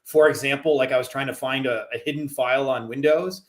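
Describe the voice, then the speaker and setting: A man's voice: medium pitch, steady tone, a little fast. A middle-aged man from Canada, speaking as a podcast guest. His talk is casual and rambling, full of "like" and restarts. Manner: rambling, heavy on "like" fillers. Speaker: guest, digital marketer. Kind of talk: casual chat.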